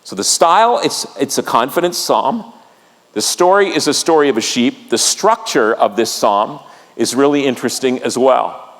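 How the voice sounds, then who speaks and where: A man's voice: mid-range voice, animated, moderate pace, fairly bright tone. A male pastor preaching a sermon with vivid storytelling, drawing the congregation into the reading. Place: church sanctuary. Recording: long reverb of a church sanctuary.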